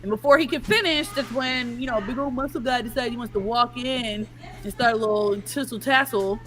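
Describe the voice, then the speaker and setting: A woman co-hosting a casual show recap, telling it in an animated, sarcastic way. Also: a little high, brisk, soft background music.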